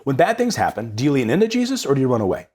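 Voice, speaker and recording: A man's voice: mid-range voice, racing, breathy edge. A young man hosting a casual reflection on the Sunday readings. He talks with energy and often repeats words as he gets going. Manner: energetic, conversational, repeats words when excited.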